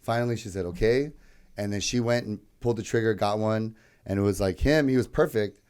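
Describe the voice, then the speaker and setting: A man's voice: on the low side, brisk, darkish tone, clean tone. A young man co-hosting a podcast, chatting loosely and telling a story with lots of "like". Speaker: podcast co-host. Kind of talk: casual storytelling chat.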